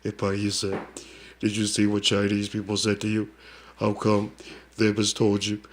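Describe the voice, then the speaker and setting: Low, flat-voiced man saying "duh". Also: normal speed. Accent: Hmong. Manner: ends phrases with a scornful "duh". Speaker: self-styled psychic shaman. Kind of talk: rambling monologue.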